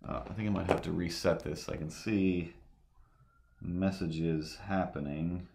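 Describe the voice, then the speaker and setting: Slow-talking deep-voiced man rambling. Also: fairly even intonation, gravelly, darkish tone. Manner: meandering, filler-heavy storytelling. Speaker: live-stream artist. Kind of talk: rambling live-stream chat.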